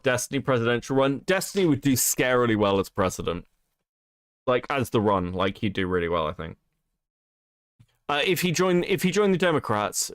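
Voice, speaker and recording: A man giving casual, profane live-stream commentary on chat, animated and laughing often. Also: medium pitch, no room sound, studio quality.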